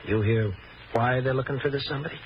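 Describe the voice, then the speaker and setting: An actor playing a smooth young male con man with a breezy, slangy way of talking, in 1940s radio acting. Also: medium pitch, quick pace, lightly acted. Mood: laid-back. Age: young adult. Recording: dull hissy old radio broadcast.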